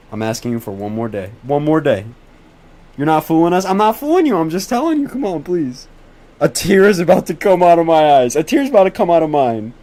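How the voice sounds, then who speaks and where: A teenage boy hosting a casual livestream to his chat as he tracks storms. He swears, pleads and repeats himself over and over, breaking into excitable bursts when he spots something. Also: mid-range voice. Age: teens.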